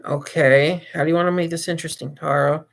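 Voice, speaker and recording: Bright-voiced man hosting a livestream. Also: fairly high pitch, steady tone, quick pace, creaky. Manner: rambling and jokey, with frequent laughs and restarts. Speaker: livestream host. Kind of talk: casual livestream chat.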